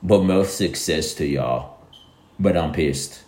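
A man's voice: a bass voice, takes it slowly, a little mellow. A young man talking casually to his listeners, rambling and emphatic, repeating himself in slangy speech. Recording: echoey room.

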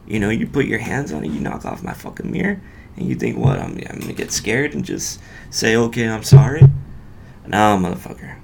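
A man's voice: fairly low pitch, very animated, brisk, creaky, slight background noise. A male podcast host casually telling a profane road-rage story in loose street slang.

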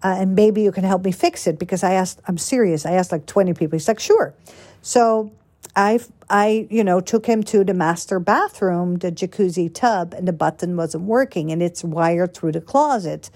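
A woman podcast host talking casually, telling stories in a chatty, animated way with quick asides. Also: on the low side. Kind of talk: casual chat.

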